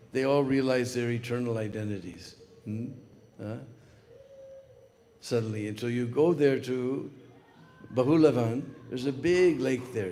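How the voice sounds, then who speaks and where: A man giving a spiritual lecture, telling a story with lots of "uh" fillers. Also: medium pitch. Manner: animated storyteller with many fillers. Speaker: spiritual speaker. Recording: long hall reverb.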